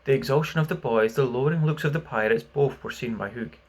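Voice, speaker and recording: A man reading a children's classic aloud as an audiobook, telling the story expressively and dropping quiet for narration. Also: medium pitch, fast talker.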